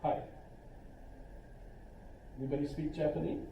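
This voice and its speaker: A man's voice: on the high side, little pitch movement, unhurried, muffled recording, slight background noise. A middle-aged man, a college philosophy instructor, giving a casual classroom lecture, chatty and rambling with joking asides. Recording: roomy classroom from a distance.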